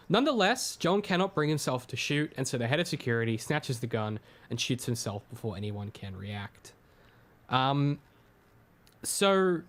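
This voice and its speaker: A man's voice: medium pitch, fairly bright tone. An Australian man co-hosting a casual critical discussion, loose and swearing, with many ums and restarts. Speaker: podcast co-host.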